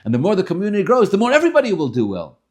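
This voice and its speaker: A man voicing a patient, wise older rabbi who reasons gently and persuasively. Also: high-pitched, huge pitch swings, racing, voice pushed up. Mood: insistent.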